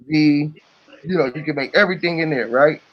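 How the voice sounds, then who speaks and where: A man's voice: a little high, brisk. Profane, rambling man on a lo-fi recording. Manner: profane, musing, freewheeling. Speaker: vlogger. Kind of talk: casual rambling talk to camera.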